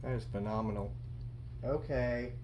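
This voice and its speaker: A man hosting a casual barbecue cooking vlog, relaxed and chatty, thinking aloud with plenty of fillers. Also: mid-range voice, unhurried, muffled recording, noisy background. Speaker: barbecue channel host.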